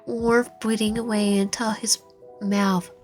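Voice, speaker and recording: A woman's voice: mid-range voice, level tone, takes it slowly, a little mellow, soft background music. A woman reading a romance visual novel aloud, with frequent slips and self-corrections. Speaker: gaming channel host.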